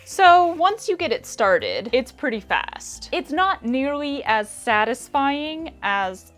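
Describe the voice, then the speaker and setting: A woman's voice: high-pitched, sing-song, slow pace, a bit bright, faint music behind. A young woman with a regional American accent hosting a casual sewing vlog, chatty and self-deprecating as she thinks aloud while she works. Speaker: sewing video host.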